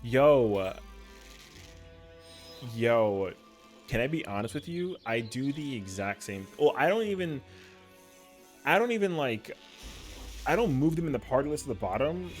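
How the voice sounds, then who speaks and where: A man's voice: on the high side, sing-song, normal speed, soft background music. Heated, slangy male game streamer. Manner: slangy, profane and heated, peppered with "yo". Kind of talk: casual chat while gaming.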